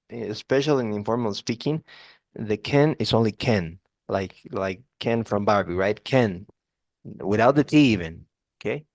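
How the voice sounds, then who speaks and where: A man tutors a student in English pronunciation, working through example words again and again and often restarting his sentences. His voice is at a middle pitch and sounds dry and close, with no room echo. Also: a little mellow. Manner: explains by repeating examples, many restarts. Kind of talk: one-on-one pronunciation lesson.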